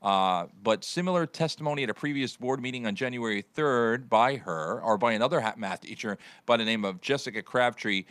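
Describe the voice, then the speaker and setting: A man's voice: medium pitch, brisk, few pauses, a bit bright, smooth, no echo. A man hosting a morning radio show, chatting and joking with his crew, laughing often. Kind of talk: casual talk radio banter.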